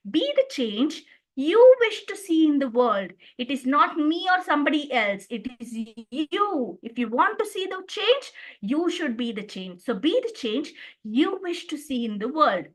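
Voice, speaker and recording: Female corporate trainer, high bright register with a wide, lively melodic range; lecture delivery, demonstrative word stress. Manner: stresses words for demonstration, restarts phrases. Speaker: communication skills trainer.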